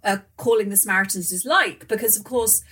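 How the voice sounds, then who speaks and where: A woman hosts an interview in a mid-pitched voice. She asks thoughtful questions and keeps a supportive tone. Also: brisk, a bit bright, husky. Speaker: podcast host.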